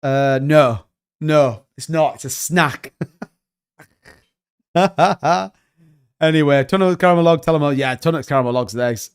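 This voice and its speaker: A man's voice: a little high, unhurried, pauses often, clear, resonant tone. A man hosting a casual livestream, joking and bantering as he reads out chat comments. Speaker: crypto livestream host.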